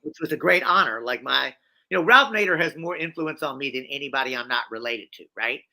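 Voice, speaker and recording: A man, a guest in a conversational interview, telling his story in an animated, emphatic way with frequent restarts and repeated phrases. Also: mid-range voice, brisk, creaky.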